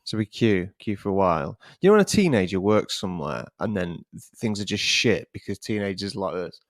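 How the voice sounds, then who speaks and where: A man's voice: deep voice, expressive, fairly quick, no room sound, studio quality. A young man, co-hosting a podcast and telling a story animatedly, swearing casually and acting out other people's voices. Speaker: podcast co-host.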